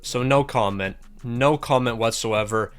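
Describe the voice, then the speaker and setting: A man's voice: medium pitch, unhurried, faint music behind. A young man commentating his own hockey video game run in a chatty, rambling way, often correcting himself.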